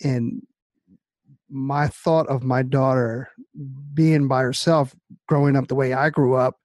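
A middle-aged man hosting a conversation, speaking in a reflective, measured way with hesitant pauses. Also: medium pitch, fairly even intonation, darkish tone, no echo. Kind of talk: conversational interview.

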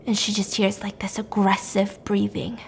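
A woman hosting a podcast, casually retelling a horror film's plot, acting out the lines and dropping to a hush for creepy moments. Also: mid-range voice, normal speed, vocal fry, slight background noise. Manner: animated, acts out quotes, drops to a hush for creepy parts. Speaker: podcast host. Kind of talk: casual film recap storytelling.

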